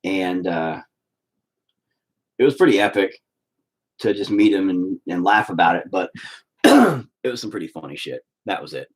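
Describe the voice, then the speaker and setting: Profane rambling man with a husky voice. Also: sits low, sing-song, moderate pace, long pauses, low-quality recording. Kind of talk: casual storytelling rant.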